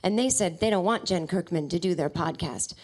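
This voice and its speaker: A smitten male pop star murmurs in a low, hushed, coolly flirtatious voice, as a woman comedian puts him on. He speaks slowly and softly, sounding far deeper than the storyteller's own voice. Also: lightly acted.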